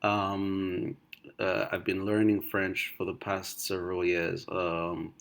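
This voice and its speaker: A man from Uganda, thinking aloud in a casual monologue, full of restarts and fillers, swinging between loud bursts and quiet asides. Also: low voice, completely flat delivery, slow pace. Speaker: vlogger.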